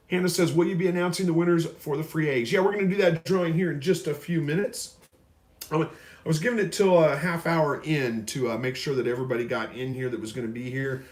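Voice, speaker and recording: A man from Missouri hosting a casual live stream, reading viewer questions aloud and answering in a rambling, folksy way. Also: medium pitch. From Missouri, USA. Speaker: livestream host. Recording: roomy echo.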